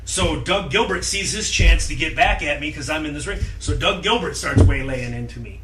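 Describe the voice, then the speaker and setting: Animated storytelling man, roomy distant mic. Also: fairly high pitch, moderate pace, slight background noise. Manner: animated, acts out quotes in shouted voices. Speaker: podcast guest. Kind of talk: casual storytelling.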